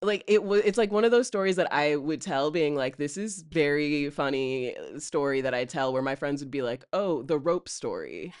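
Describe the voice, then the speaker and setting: A woman in her thirties, a comedian telling a story in casual chat, animated and laughing. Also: deep voice, normal speed, few pauses, smooth, dry recording, studio quality. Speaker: comedian guest.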